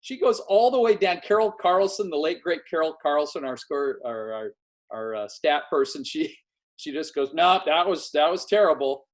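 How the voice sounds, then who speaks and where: A fairly high-voiced man hosts a relaxed sports interview over a video call, and he spins his stories with energy. He acts out the people in them as he goes. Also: moderate pace. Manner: animated storyteller, acts out quotes. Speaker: podcast host and former game announcer. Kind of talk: casual interview.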